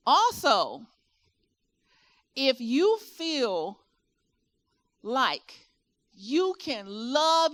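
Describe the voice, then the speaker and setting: Middle-aged virginia woman w/ southern twang, high voice, talks to the crowd and keeps asking them stuff. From Virginia, USA. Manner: animated, asks the audience questions, rising and falling delivery. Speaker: expo speaker and caregiver. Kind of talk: motivational talk to a live audience. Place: expo hall with a live audience.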